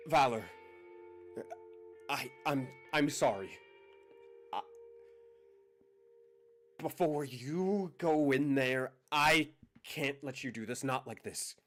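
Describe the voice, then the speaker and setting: A man voicing an anguished middle-aged mother confessing a long-kept secret, halting and pleading. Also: mid-range voice, a bit bright, lightly acted. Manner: halting, breaks into pleading outbursts.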